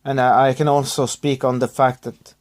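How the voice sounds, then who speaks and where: A man's voice: medium pitch, level tone. Subdued man rambling to his viewers. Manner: subdued, halting, apologetic, with many restarts. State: recovering from illness. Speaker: YouTuber thanking subscribers. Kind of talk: rambling personal vlog.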